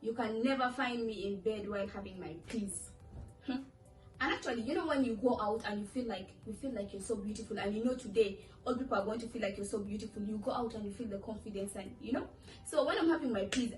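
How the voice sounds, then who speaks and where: A young woman vlogging in a chatty, playful way, acting out quoted voices as she talks. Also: on the high side. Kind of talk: casual talk to camera. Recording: echoey room from far off with faint music.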